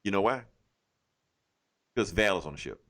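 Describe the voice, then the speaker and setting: A man with a fairly low voice retells a comic book story, full of energy. He slips in and out of the characters' lines and swears freely as he goes, in a loose, casual podcast chat. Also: moderate pace. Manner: animated retelling, acting out characters' lines, heavy cursing. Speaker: podcast co-host.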